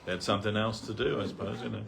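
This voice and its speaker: A man's voice: lowish voice, fairly even intonation, very fast, gravelly, a bit bright, slight background noise. A man giving a loose, anecdotal talk on a spiritual reading, full of "like" and "you know". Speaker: devotee speaker. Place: temple hall.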